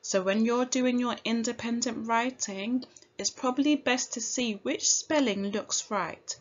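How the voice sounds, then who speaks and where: A woman teacher giving a recorded phonics lesson to young children, sounding out each letter slowly and clearly in a British accent. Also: a little high, lo-fi sound. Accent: British English. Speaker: primary school teacher.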